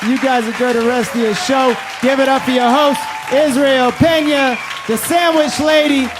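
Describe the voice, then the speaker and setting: A man with a notably high voice performing stand-up, telling a story with animated, profane energy. He speaks into a stage mic, with faint hiss behind him. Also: normal speed, a crowd in the background. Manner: animated, profane, punchline-driven. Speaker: stand-up comedian. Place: comedy club stage.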